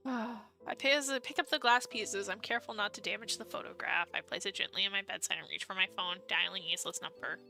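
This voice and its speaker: A woman narrating as a heartbroken young man in a dating game, soft and subdued. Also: medium pitch, steady tone, brisk, creaky, faint music behind, voice pushed down.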